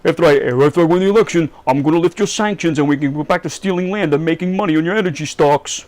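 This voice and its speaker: A man doing a rough impression of a boastful, brash male American tycoon-politician. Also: fairly high pitch, quick pace, darkish tone, voice pushed up, lightly acted. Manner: boastful, self-admitted crappy impression.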